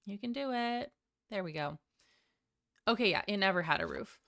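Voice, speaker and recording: A woman's voice: mid-range voice, lively intonation, moderate pace, fairly bright tone, no room sound, studio quality. A woman streamer chatting casually and a bit scatterbrained while building in a game, with a sing-songy way of talking. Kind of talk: casual live-stream chat while gaming.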